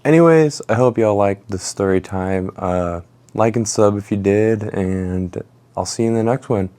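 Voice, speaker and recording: Animated young man telling stories. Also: on the low side, normal speed, slight background noise. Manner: animated, slangy, swearing, exclaims. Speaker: vlogger. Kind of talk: story-time vlog.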